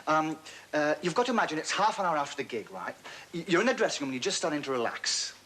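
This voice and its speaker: A man's voice: on the high side, sing-song, fast, fairly bright tone, slight background noise. An actor playing an earnest man, an anxious fan who rambles and second-guesses himself, in a 1980s broadcast drama. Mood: eager. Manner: musing, self-doubting, talking himself in and out of ideas. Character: earnest adult male fan rehearsing a speech, anxious and rambling.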